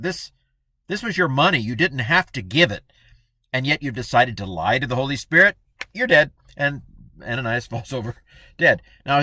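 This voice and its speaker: Man, casual bible lesson, chatty and playful, mid pitch, dry close sound. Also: pushed and bright, dry recording. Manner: chatty, acts out quotes playfully with laughs. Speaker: Bible teacher.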